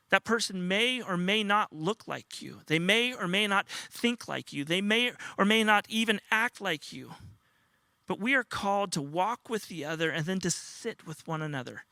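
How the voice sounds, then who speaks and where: A man's voice: sits high, gravelly, bright, forceful tone, no echo. An older man preaching a sermon as a pastor, telling stories earnestly and sometimes acting out a small child's cries. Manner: earnest storytelling, acts out a toddler's cries.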